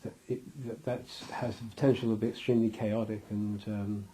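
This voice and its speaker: A man's voice: lowish voice, flat delivery, normal speed, dark tone. A man giving a loose, rambling interview, restarting his sentences and acting out little scenes with laughter.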